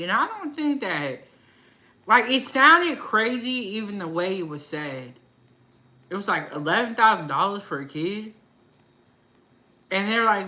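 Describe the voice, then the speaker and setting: A woman with a bright, forceful voice talks through celebrity gossip in a loose, conversational way. She is a channel host addressing her viewers directly, full of asides and opinions. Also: medium pitch, normal speed, rough recording. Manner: chatty, animated gossip with laughs and asides. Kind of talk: casual chat about celebrity gossip.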